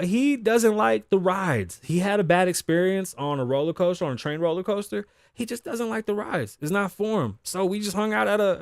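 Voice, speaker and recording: Man, podcast host, casual profane rambling, slightly high pitch, dry close sound. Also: dry recording. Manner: rambling, profane, laughs often. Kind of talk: casual chat. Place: home studio desk.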